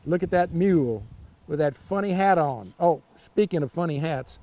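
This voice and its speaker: Older man, storytime reader, folksy kid-friendly asides, high lively voice. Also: normal speed. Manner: folksy, chatty asides to kids. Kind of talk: reading a picture book aloud to children.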